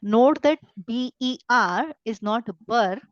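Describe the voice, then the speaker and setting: A woman with an Indian English accent teaches a German lesson at an unhurried pace, saying each word again and again. Her voice sits at a middle pitch. The recording is dry and somewhat dull and lo-fi. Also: expressive, dry recording. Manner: patient, repeats each word slowly. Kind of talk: slow online language lesson.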